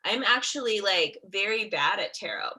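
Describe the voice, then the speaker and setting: A young adult woman hosts a live interview in an easy, chatty way. Her voice is bright and forceful, and she laughs freely as she talks. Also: medium pitch, lively intonation, normal speed, slightly rough, low-quality recording. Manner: chatty, laughs often, upbeat. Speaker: host. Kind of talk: casual live interview chat.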